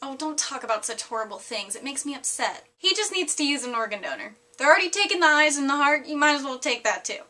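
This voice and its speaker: A woman voicing an elderly grandmother who speaks in a gentle, doting tone and says blunt, crude things. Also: high-pitched, very animated, quick pace, hardly any pauses, heavily acted. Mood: sweetly blunt.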